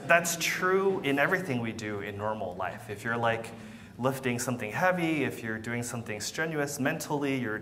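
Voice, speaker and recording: In this violin masterclass, a man with a mid-range voice coaches patiently and encouragingly, frequently repeating words and counting beats aloud. Background noise is present.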